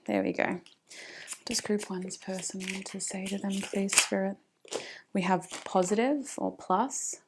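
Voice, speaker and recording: A woman's voice: mid-range voice, a little slow, very noisy. A woman with an Australian accent giving a casual tarot reading, chatting to spirit and to her viewers and often laughing. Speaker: tarot reader.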